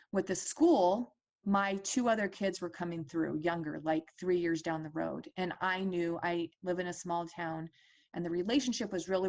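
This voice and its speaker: Woman in her 40s telling her story about her kid, earnest, lots of ums and restarts, kinda low voice. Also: gravelly. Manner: earnest, conversational, with many fillers and restarts. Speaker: parent advocate speaker. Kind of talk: personal storytelling talk.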